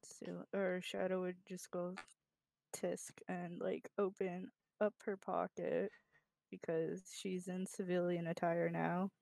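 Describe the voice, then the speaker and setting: A woman playing a tabletop game, describing her hero's actions and speaking her lines in a deliberate way. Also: fairly low pitch, little pitch movement, gravelly, darkish tone, no echo. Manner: slow, deliberate, in-character outbursts. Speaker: player. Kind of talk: tabletop role-play.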